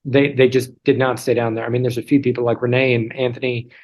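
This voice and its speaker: A man's voice: mid-range voice, level tone, fast talker, a little mellow, low-quality recording. A man in his thirties, a guest telling stories in a chatty, self-deprecating way with many restarts, heard over a video call. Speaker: interview guest.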